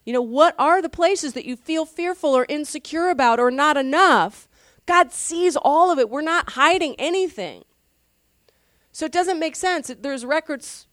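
A woman pastor giving a sermon in an earnest, conversational way, often dropping to a soft, quiet voice. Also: high-pitched, no echo, clean studio sound.

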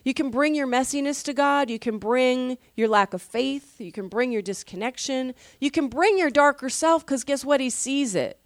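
A woman pastor giving a sermon in an earnest, conversational way, often dropping to a soft, quiet voice. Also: high-pitched, normal speed, hardly any pauses, no echo, studio quality.

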